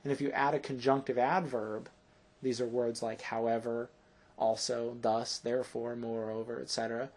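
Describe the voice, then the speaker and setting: Gravelly, husky man teaching grammar. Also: mid-range voice, little pitch movement, moderate pace, a little mellow. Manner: explanatory, often checking with "right?". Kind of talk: classroom grammar lesson.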